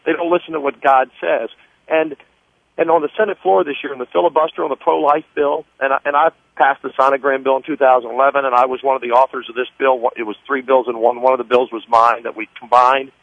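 Over the phone, a man appears as a political guest on a call-in radio show, his medium-pitched voice steady and fast, with no room sound. His delivery is fervent and sermon-like, repeating words frequently as he works toward a point.

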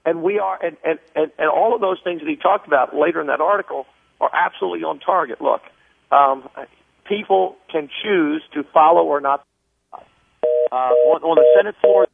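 A man's voice: a little high, moderate pace, vocal fry, husky, no echo. A man calling into a radio show as a guest, talking fervently and preacherly, often repeating words as he builds a point, heard over a phone line. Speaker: political guest on a call-in. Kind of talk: phone interview. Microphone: telephone.

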